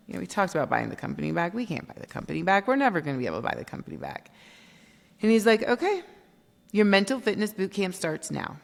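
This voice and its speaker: A woman guest on a podcast, telling her story in an animated way and acting out quoted dialogue. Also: sits low, gravelly. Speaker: guest, company founder. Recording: long reverb.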